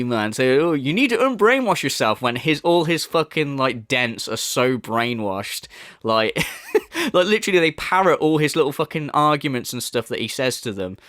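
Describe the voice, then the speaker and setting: A man's voice: mid-range voice, fairly bright tone, no echo, clean studio sound. A man delivering a profane, mocking rant as a commentary YouTuber. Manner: profane, mocking, laughs scornfully.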